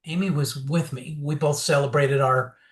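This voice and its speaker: At a normal speed and a slightly high pitch, a man opens up as an interview guest about his own recovery. His telling is lively, with quotes acted out and frequent fillers and restarts.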